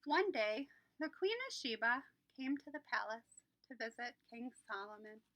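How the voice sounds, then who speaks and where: A woman's voice: on the high side, normal speed, rough recording. A woman, a Sunday school teacher, reading a picture book aloud to children and asking them questions along the way. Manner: animated, asks the children questions.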